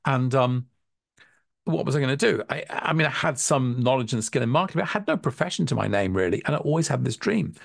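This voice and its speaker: A man's voice: medium pitch, animated, fast, gravelly, no echo, studio quality. A man, a hypnotherapy college tutor, giving an earnest, reflective talk and thinking aloud with frequent restarts.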